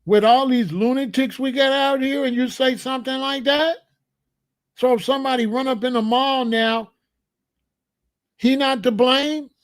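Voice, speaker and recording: A man's voice: very high voice, steady tone, moderate pace. A man hosting solo political commentary, talking emphatically and repeating incredulous rhetorical questions. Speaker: commentary channel host.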